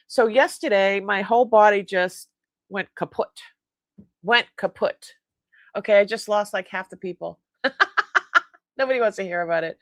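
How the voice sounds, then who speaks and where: A woman's voice: mid-range voice, dry recording, studio quality. Chatty woman hosting a live sale. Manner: chatty storyteller, laughs often, acts out dialogue. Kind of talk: casual live-stream chat.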